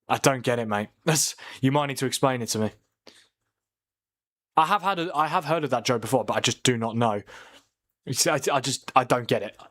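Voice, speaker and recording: Young guy, chatty watchalong streamer, mid-pitched, easygoing. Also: expressive, fairly quick, a bit bright. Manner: chatty, reads viewer comments aloud, laughs often. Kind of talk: casual live-stream commentary.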